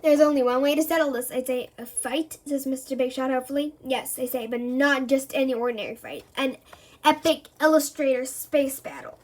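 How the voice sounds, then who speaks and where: Woman with a high voice reading a children's story aloud, lively, voices the characters. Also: brisk. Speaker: reader.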